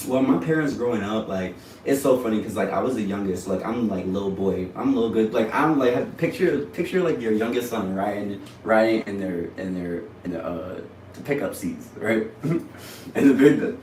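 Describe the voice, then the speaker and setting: A young man on a casual livestream, telling a family story in an animated, rambling way with plenty of swearing. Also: medium pitch. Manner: animated, rambling, profane, often laughs. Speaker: livestream host. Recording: roomy sound, distant from mic, faint background noise.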